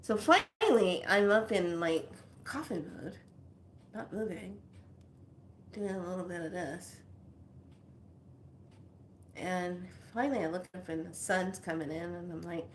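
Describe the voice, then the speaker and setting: A woman's voice: on the low side, a little slow, pauses often, slight background noise. Woman in her fifties, chatty healer type, tells stories with lots of laughs and acted-out voices. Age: 50s. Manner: animated, laughing often, acting out quoted voices. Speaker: spiritual healer. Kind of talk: casual storytelling.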